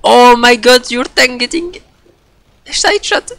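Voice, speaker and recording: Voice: mid-range voice, slow. Eine Person im Voice-Chat, die beim Spielen aufgeregt ausruft und flucht. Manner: excitable, exclaiming and swearing. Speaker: co-player in voice chat. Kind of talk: casual gaming chat.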